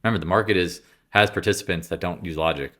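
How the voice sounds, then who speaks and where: This man has a low voice and talks fast, with a fairly bright tone. Congested and clearing his throat, he offers casual, rambling market commentary, blunt and offhand, often cutting himself off.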